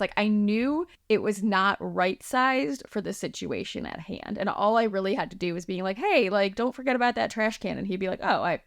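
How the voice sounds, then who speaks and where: In her solo podcast monologue, a healing practitioner and host talks in a chatty, casual way, full of "likes" and "ums," performing the voices she quotes. Her mid-range voice carries vocal fry, recorded at studio quality without room sound.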